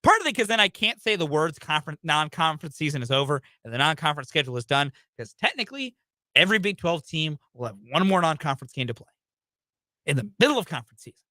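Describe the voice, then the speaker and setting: A man's voice: a little high, sing-song, fast, pushed and bright, dry recording, clean studio sound. A young man hosting a sports talk radio show, ranting emphatically about college basketball.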